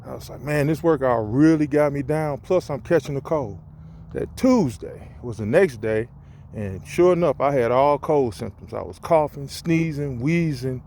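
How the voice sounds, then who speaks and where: Man, casual vlog storytelling, animated, mid-pitched voice, outdoors. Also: moderate pace, creaky, a little hiss or hum. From St. Louis area, USA. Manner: animated, acts out quoted voices, restarts and fillers. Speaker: vlogger sharing his story. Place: outdoors on a campus walk.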